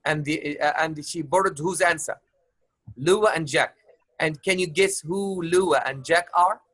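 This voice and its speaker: A man's voice: fairly high pitch, measured pace, fairly bright tone, dry recording. A male teacher leading an online class discussion, who keeps rephrasing his questions with plenty of filler uhs and calls his students love. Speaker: English teacher.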